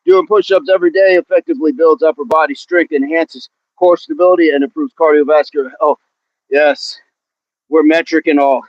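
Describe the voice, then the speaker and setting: A fairly high-voiced man, winded from exercise, hosting a live workout outdoors and calling out to chat viewers between reps. The sound is dull, lo-fi phone audio from a handset propped against a tree. He keeps his talk casual and encouraging. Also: fairly quick. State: out of breath. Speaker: fitness livestream host. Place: outdoors at the bottom of a hill under a tree.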